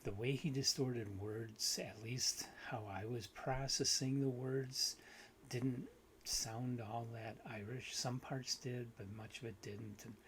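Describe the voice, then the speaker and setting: A man hosting a book video, giving an unhurried, critical review with frequent restarts and fillers. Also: medium pitch, fairly even intonation, a bit bright, a little hiss or hum.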